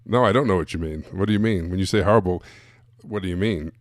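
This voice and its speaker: A man teaching coaches how to run sales calls on a live stream. He is blunt and direct and keeps firing rhetorical questions. His voice sits low and the sound is dry and close. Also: fast, no room sound.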